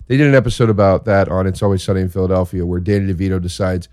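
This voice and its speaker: A man who is a comedian hosting a show, telling a crude story in a casual monologue that swings into excited exaggeration. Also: low-pitched, very fast, no echo, clean studio sound.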